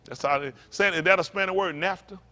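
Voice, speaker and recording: A man's voice: high voice, fast, sharp tone. A man preaching to a congregation in a fiery, emphatic way, repeating his points and throwing in mocking asides. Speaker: pastor.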